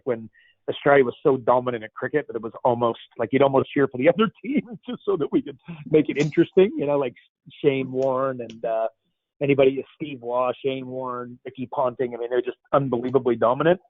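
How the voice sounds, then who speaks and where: A man's voice: mid-range voice, fast talker, no room sound. A man hosting a casual Q&A call, playful and rambling, joking with callers. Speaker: host. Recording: tinny phone-like line, dry.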